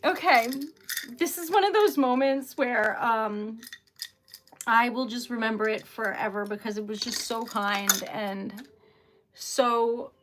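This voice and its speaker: High-voiced young woman on a livestream, slow and flustered, giggly, stammers a bit. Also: noisy background. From Rhode Island. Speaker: livestream host. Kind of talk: casual livestream chat.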